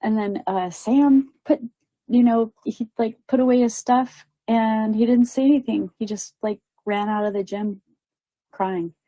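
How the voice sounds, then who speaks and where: A woman tells a story at an easy, rambling pace, full of "um"s and little acted-out quotes. Her voice is dark and mellow. The recording is dry and close, with no room sound. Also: a little high, steady tone, a little slow, no echo, poor audio. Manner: chatty, many fillers and quoted voices. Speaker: medium telling a story. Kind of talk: casual storytelling.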